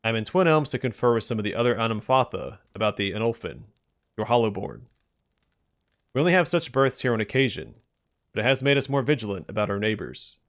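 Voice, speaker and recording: A man reading out the lines of a proud, grim old male tribal chieftain in a stern, measured way. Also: on the low side, expressive.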